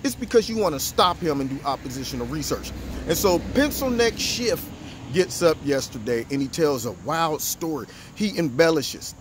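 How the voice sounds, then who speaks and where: A man hosting his own political commentary show, talking in an animated, mocking way and acting out the people he quotes. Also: a little high, a little hiss or hum. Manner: animated, mocking, acts out quotes in different voices.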